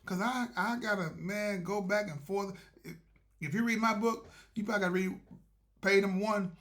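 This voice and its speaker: A man with a high-pitched, somewhat bright voice hosts a motivational show, speaking at a moderate pace with a steady tone. His casual monologue is a rambling, folksy story about doing right, mixed with spiritual encouragement.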